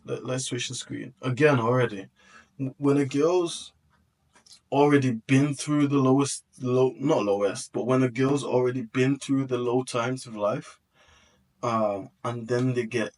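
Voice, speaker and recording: A man's voice: mid-range voice, a little mellow. A man hosts a reaction video, talking in a sincere, reflective way. He often restarts and repeats phrases as he works through his thoughts.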